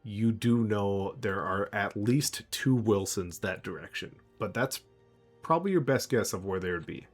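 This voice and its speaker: A man narrates a tabletop game as game master. His voice sits a little low, and his delivery is playful and loose, with frequent laughs. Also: expressive, moderate pace, soft background music.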